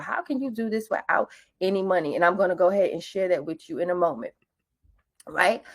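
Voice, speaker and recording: A woman hosting a webinar, talking in a hype, casual way with slang and call-and-response greetings, over a computer mic on a video call. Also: medium pitch. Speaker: webinar host. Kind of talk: lively webinar presentation.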